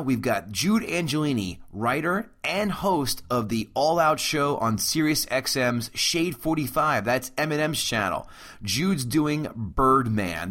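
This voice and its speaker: Bright-voiced male podcast host. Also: medium pitch. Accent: Long Island. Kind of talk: podcast intro and read sponsor ad.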